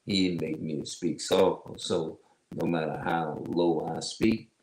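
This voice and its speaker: A man with a heavy, loud voice reads Bible verses slowly and emphatically, stopping to explain them in his own words as an online religious teacher. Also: very deep voice, fairly even intonation, echoey room, low-quality recording. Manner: slow, emphatic, repeats himself. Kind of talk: Bible reading with loose commentary.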